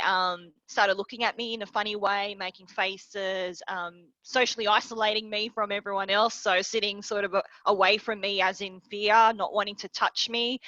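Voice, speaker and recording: Australian woman, earnest and measured, bright tone, lo-fi video-call sound. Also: medium pitch, no room sound. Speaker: guest, leadership coach. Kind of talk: interview.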